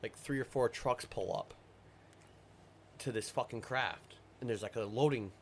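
A man appearing as a podcast guest unhurriedly tells a drawn-out, profane story in a medium-pitched voice, mimicking the voices of the people he quotes. A faint hiss or hum sits under the recording.

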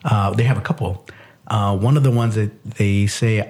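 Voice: mid-range voice, fairly even intonation, moderate pace, a little mellow, slightly rough. A podcast co-host in casual chat, hesitant and full of restarts, laughing often.

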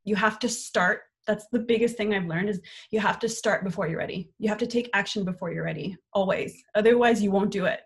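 A woman's voice: mid-range voice, brisk, hardly any pauses. A young adult woman hosting a live online motivational workshop, upbeat and candid, swearing casually as she coaches. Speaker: workshop host and life coach.

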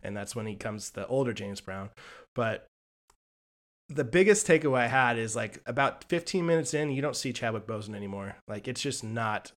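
A man's voice: medium pitch, moderate pace. A man co-hosting a podcast, retelling a film in a casual chat and acting out the quoted lines. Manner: animated storytelling with quoted lines. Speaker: podcast co-host reviewing films.

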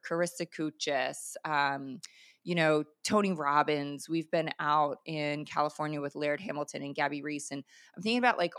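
Low-voiced woman telling her story. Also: no room sound, clean studio sound. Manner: energetic, emphatic, many fillers. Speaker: podcast host and coach. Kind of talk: personal storytelling monologue.

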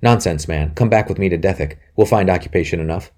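A man reading the part of a fervent, secretive young gentleman conspirator in an audiobook. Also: low-pitched, fast, natural voice. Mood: urging. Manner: urgent, hushed, then fierce.

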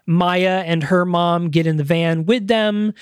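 Guy on a movie podcast, kinda high voice, rambling plot recap w lots of ums, dry mic. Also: steady tone, measured pace, clean tone, no room sound. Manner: recaps the plot at length, with many fillers. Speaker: podcast co-host. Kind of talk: casual movie-review chat.

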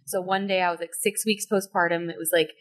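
A woman's voice: on the low side, flat delivery, quick pace. A woman hosting an interview podcast, talking casually with lots of "like" and a voice that jumps up when she quotes herself. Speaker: podcast host. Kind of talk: conversational interview.

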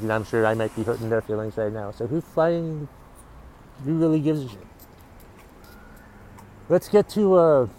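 Male comedian host, solo podcast rant recorded outdoors, foul-mouthed and grumbling, mellow low-bright voice, faint background noise. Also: low-quality recording. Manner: profane, grumbling, ranting. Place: outdoors in public.

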